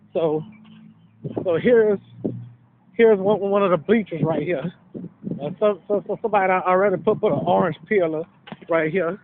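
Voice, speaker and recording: A man giving a rambling walking tour of a park sports field, out of breath and repeating himself. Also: high-pitched. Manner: rambling, repeats words, many fillers. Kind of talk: casual walking vlog narration. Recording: tinny lo-fi phone-like audio with loud noise.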